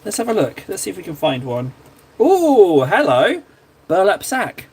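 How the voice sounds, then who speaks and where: This live-stream host painting miniatures has a high voice with wildly swooping pitch, gravelly and darkish with a breathy edge, spoken unhurriedly. He chats casually, mocks himself, and rambles off on tangents.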